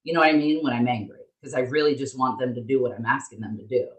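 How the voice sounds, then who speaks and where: A woman co-hosting a podcast, telling a story in an animated, candid way and swearing freely. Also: extremely low pitch, quick pace. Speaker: podcast co-host. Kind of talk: casual storytelling chat. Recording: roomy echo.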